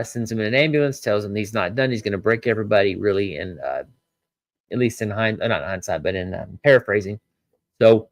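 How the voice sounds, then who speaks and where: A man's voice: on the low side, no echo. A man hosting a solo wrestling review podcast, talking casually and rambling with lots of "again" and "basically".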